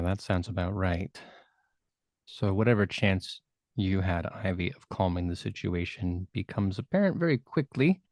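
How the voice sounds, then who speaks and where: A man narrating a tabletop role-playing game as game master, with vivid, measured storytelling and hushed dramatic turns. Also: low-pitched, no echo.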